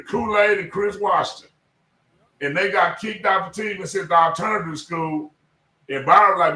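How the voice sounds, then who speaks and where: A middle-aged man from South Dallas, a former high school football coach telling stories in an animated, emphatic, profane way on a casual podcast. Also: moderate pace. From South Dallas, Texas. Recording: echoey room, voice a bit far from mic.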